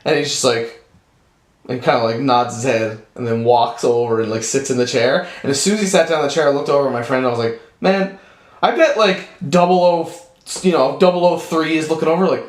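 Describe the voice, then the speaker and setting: A man's voice: mid-range voice, fairly quick, roomy sound. A young man co-hosting a podcast, riffing in casual comedic chat, swearing a lot and acting out voices. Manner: profane, riffing, acts out voices. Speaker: podcast co-host.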